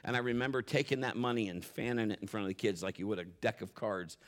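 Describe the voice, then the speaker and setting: A middle-aged male pastor preaching a sermon, telling a story emphatically, with swings from loud exclaims to hushed asides. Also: fairly low pitch, fast.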